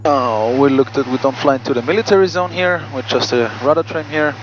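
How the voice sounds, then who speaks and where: A man, a pilot and vlog host, reading out cockpit checklists crisply and adding friendly asides to viewers from a small aircraft cockpit. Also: medium pitch, fairly quick, highs cut off, noisy background.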